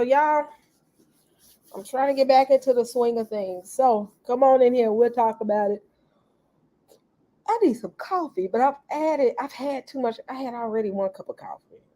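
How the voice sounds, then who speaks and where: A woman's voice: on the high side, a little mellow. A middle-aged woman, hosting a laid-back livestream and greeting viewers as they join. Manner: greets viewers repeatedly, laid-back, coughs now and then. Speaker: livestream host. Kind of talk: casual livestream chat.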